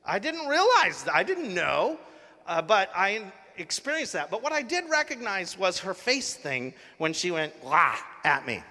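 A man's voice: high voice, sing-song, moderate pace, sharp tone. A man preaching in a casual, earnest storytelling way, full of fillers and restarts. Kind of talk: sermon storytelling. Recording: long hall reverb.

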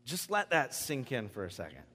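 A pastor giving a sermon with lively, animated delivery that swings between hushed reflection and loud emphasis. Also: male voice, mid-range voice, moderate pace, husky. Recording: long reverb of a large hall.

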